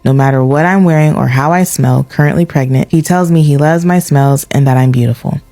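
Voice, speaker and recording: A woman hosting a podcast who reads a listener's letter aloud, adding quick asides and laughing now and then. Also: sits low, warm tone.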